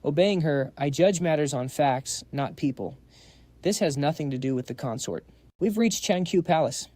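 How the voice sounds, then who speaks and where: A man's voice: a little high, normal speed, warm tone. Man reading a drama story aloud. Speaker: story narrator. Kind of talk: reading a dubbed drama story, all roles.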